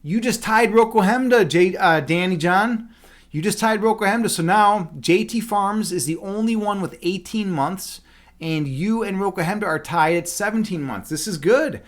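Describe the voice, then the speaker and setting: A man's voice: sits high, normal speed. A man chatting casually on a livestream as a chess instructor. He rambles and fills his talk with "like" and "you know". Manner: talks loudly at times.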